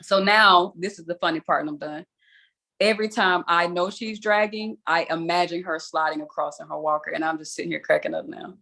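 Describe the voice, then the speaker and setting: A woman's voice: on the low side, steady tone, fairly quick, vocal fry, pushed and bright. A young adult woman hosting a weekly video call, telling a story casually, with a chatty, self-mocking manner and frequent laughs.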